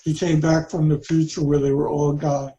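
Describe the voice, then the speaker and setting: A middle-aged man co-hosting a casual chat about films, relaxed and halting, often chiming in with short replies. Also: fairly high pitch, highs cut off. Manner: relaxed, halting, chimes in briefly. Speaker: podcast co-host.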